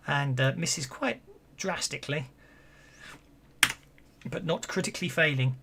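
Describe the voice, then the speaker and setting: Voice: medium pitch, expressive, unhurried, creaky, long pauses, a bit bright. Chuckling game master. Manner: chuckling, hesitant, many restarts. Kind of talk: running a tabletop game online.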